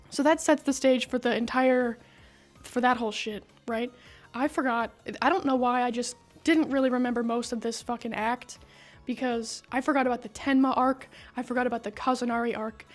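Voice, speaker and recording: A woman casually recapping a story for her video, slangy and profane, talking into a broken microphone in a room. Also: on the high side. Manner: slangy and profane, says bruh and brother. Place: indoor room with a whiteboard.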